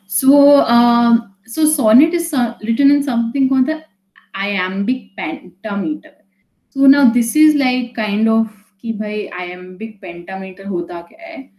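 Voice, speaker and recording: A young woman teaching an online class, talking in a halting way with many fillers and some Hindi phrases. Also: fairly high pitch, mellow, echoey room, low-quality recording.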